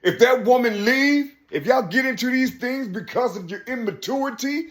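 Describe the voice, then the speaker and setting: A man's voice: very high voice, normal speed, a bit bright. A man giving earnest, preachy advice in street slang, repeating "you see?" again and again. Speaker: speaker giving life advice. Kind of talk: informal spoken advice.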